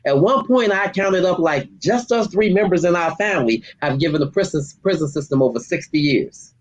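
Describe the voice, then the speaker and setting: A man, a community activist, speaking with deep emotion and street slang in an interview, near tears. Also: animated, a little fast, low-quality recording. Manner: heartfelt, storytelling, street slang. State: holding back tears.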